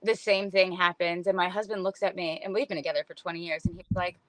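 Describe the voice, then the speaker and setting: A woman's voice: on the low side, fairly even intonation, fast talker, dry recording. A middle-aged woman guest on a podcast, telling stories in a chatty way and acting out what people said. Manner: chatty, lots of "like", acts out quotes. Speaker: podcast guest, book influencer. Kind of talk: casual storytelling chat.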